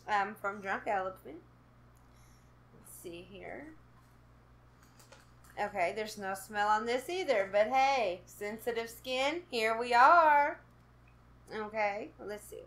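A woman's voice: medium pitch, a bit bright, slight background noise. A woman from Kentucky, chatting to camera in a casual unboxing vlog, nervous and giggly. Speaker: vlogger doing an unboxing.

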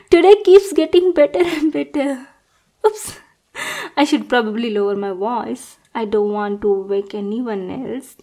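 A woman's voice: on the high side, darkish tone. A young woman performing a whispered role-play as an obsessive, adoring intruder, sweet and clingy, calling the listener darling. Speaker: ASMR performer.

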